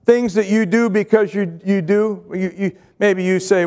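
A high-pitched man preaching a midweek sermon, pressing his point with repeated phrases and questions to the congregation. His voice rings with a long hall reverb, as if in a large church sanctuary. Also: steady tone, a little slow, darkish tone. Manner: earnest, repetitive, rhetorical questions to the congregation. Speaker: pastor.

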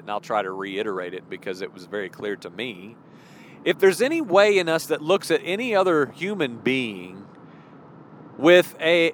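A man's voice: a little high, a bit bright. A man preaching an informal sermon in a conversational way, asking rhetorical questions and acting out imagined voices, recorded outdoors near traffic.

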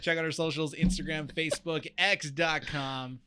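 A man co-hosting a casual podcast, briskly reading out plugs and steering the talk. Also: fairly high pitch, fairly even intonation, very noisy. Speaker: podcast co-host.

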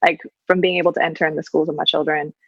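A woman therapist talks in a low, gravelly voice, unhurried and reflective, with lots of fillers and an occasional curse. The sound is dull and lo-fi. The room adds no echo. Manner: relaxed, thoughtful, with frequent fillers and casual swearing. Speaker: clinical social worker guest. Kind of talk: casual reflective conversation.

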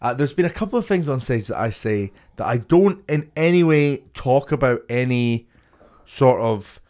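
A man's voice: mid-range voice, lively intonation, moderate pace, a little mellow. A young man co-hosting a podcast, laughing and swearing through casual comedy banter. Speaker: podcast co-host. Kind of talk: casual chat.

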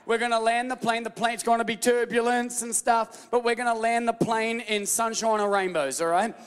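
A man preaching a sermon as pastor, animated and playful, calling out to the congregation and slipping into mock voices. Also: very high-pitched, normal speed, clear, resonant tone, in a large hall.

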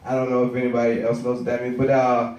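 A man in his thirties doing a stand-up comedy set, loud and profane, rambling and shouting his punchlines. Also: medium pitch, completely flat delivery, fast, heavy reverb, far from the mic, a little hiss or hum. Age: 30s.

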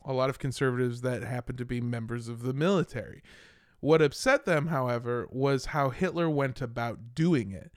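Irreverent American man with a smooth voice. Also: medium pitch, no room sound, clean studio sound. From United States. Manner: irreverent, swearing, jokey asides while narrating. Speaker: history podcast host. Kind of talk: casual comedic history podcast.

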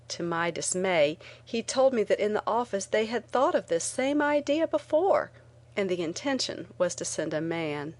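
A woman reading a first-person memoir aloud in a measured, earnest way. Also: mid-range voice. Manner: measured, earnest reading with lively quoted lines. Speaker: narrator. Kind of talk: audiobook narration of a memoir.

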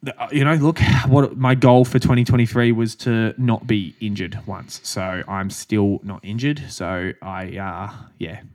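A man's voice: lowish voice, steady tone, unhurried, few pauses, a little mellow. An Australian man co-hosting a running podcast, telling stories in casual chat, swearing freely and laughing as he goes. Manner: chatty storytelling, swears freely, laughs as he talks. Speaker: podcast co-host, runner.

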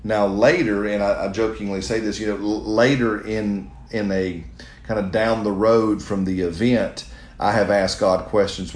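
A middle-aged pastor answers a question in an earnest, conversational sermon style, with restarts and direct appeals to his listeners. His voice is on the low side, a little mellow and steady in tone, moving at normal speed in a reverberant space.

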